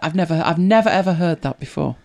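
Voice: mid-range voice, quick pace, vocal fry, a little mellow. A chatty host, laughing easily and answering viewer questions in casual talk. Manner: chatty, laughs easily, repeats words when starting. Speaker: host of a tech help show.

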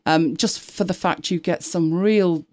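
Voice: medium pitch, fairly even intonation, a little slow, darkish tone, no echo, studio quality. A host of a tech live show chatting casually, rambling with frequent restarts and exasperated asides. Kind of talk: casual chat.

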